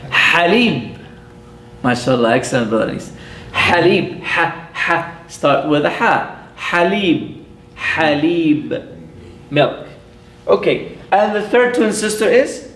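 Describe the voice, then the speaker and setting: A man, an imam, teaching a classroom lesson, patient and playful, repeating sounds slowly for his students. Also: on the high side, expressive. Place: mosque classroom. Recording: echoey room.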